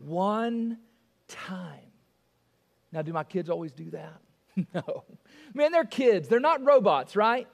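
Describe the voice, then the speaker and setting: A man's voice: high-pitched, big pitch swings, moderate pace, creaky, long reverb tail. A male pastor preaching a sermon. He is emphatic, repeats key phrases and asks the congregation rhetorical questions.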